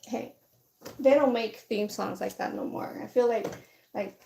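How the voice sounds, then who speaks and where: A woman's voice: a little high, measured pace, gravelly, warm tone, a little hiss or hum. A young woman streaming casually from home while doing her makeup, chatty and blunt, swearing without fuss.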